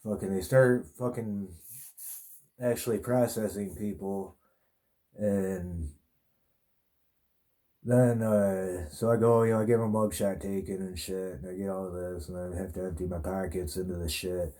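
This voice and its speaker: Podcast host, man, rambling profane storyteller, very dark, mellow tone, lowish voice. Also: fairly even intonation, a little slow. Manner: rambling, heavy swearing. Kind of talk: casual storytelling.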